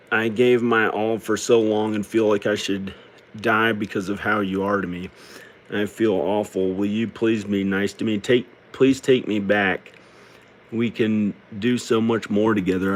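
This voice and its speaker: A middle-aged man with a slightly low voice pours out a personal confessional monologue. He sounds tearful and downcast, halting and rambling as he goes. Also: a little hiss or hum. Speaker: video creator.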